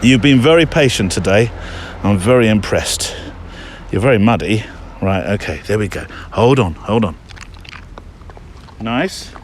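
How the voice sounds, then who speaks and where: A man's voice: on the low side, lively intonation, unhurried, long pauses, slight background noise. A man hosting his show in a casual, rambling monologue while out on a muddy countryside walk, chatting and joking with his dog between thoughts. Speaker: podcast host.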